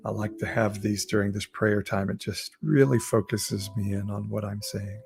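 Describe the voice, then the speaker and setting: Man, gravelly, fairly deep, slow soothing guided prayer, livestream leader greeting viewers. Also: steady tone, darkish tone, soft background music. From California.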